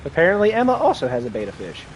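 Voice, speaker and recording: Male streamer, 20s, higher-pitched, casual crude banter with chat. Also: wildly swooping pitch, very fast, a little hiss or hum, low-quality recording. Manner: crude joking, laughs often. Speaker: game streamer. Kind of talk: casual livestream chat with viewers.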